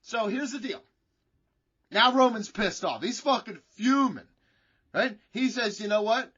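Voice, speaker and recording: A man's voice: very high voice, lively intonation, unhurried, pushed and bright, breathy edge. A man co-hosting a wrestling podcast, telling a rambling, profane story in casual chat. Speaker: podcast co-host. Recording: dull lo-fi sound.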